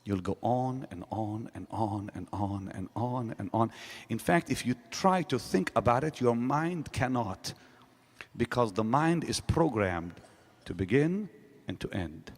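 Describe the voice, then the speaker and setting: A man preaching a sermon to a congregation, emphatic, swinging from loud rising questions to low quiet statements. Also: animated, measured pace, long reverb tail. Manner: emphatic preaching with sudden rises and drops. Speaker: pastor. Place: large hall.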